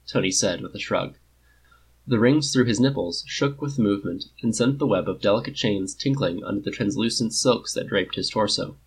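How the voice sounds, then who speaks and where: A man reads a story aloud in a measured, steady way. His voice sits low and has a husky edge. The delivery is calm and even. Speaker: narrator. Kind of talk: audiobook story reading.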